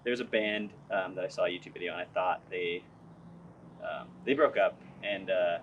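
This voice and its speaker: Young male band singer for a casual interview: low voice, easygoing, rambling, faint room noise. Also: normal speed, lo-fi sound. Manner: laid-back, rambling, laughs often.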